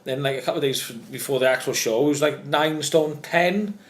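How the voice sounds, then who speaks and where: A man's voice: medium pitch, fairly quick. A man, a former boxer, chatting casually on a podcast, rambling and swearing with frequent restarts. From Wales. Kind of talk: casual chat.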